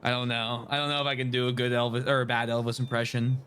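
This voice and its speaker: A man's voice: mid-range voice, flat delivery, fast talker, fairly bright tone, a little hiss or hum. A man streaming a game live, making playful joking asides while reading the dialogue. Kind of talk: casual live gameplay commentary.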